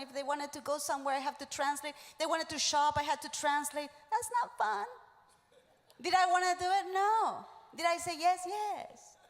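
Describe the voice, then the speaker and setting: Woman pastor, high voice, lively storytelling sermon, playful with the crowd, church hall reverb. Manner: animated storytelling, acting out quoted voices; teasing, talks directly to congregation.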